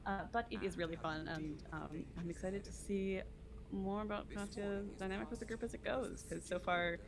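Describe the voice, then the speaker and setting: A woman chatting casually and quickly about her tabletop character, laughing often on a desk mic. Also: medium pitch, fairly even intonation, creaky. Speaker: podcast editor and player.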